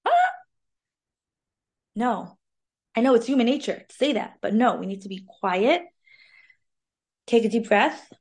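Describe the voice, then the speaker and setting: A woman giving an informal, animated weekly Torah talk, sprinkling in Hebrew terms. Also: on the high side, normal speed. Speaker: Torah class speaker.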